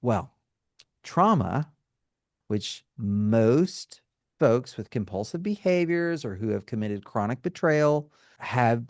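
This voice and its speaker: A man's voice: mid-range voice, very animated, slow pace, a little mellow, dry recording, studio quality. A male counselor and trauma specialist, a guest in an interview, explaining things in a teacherly way and often checking in with "right?" and "okay?".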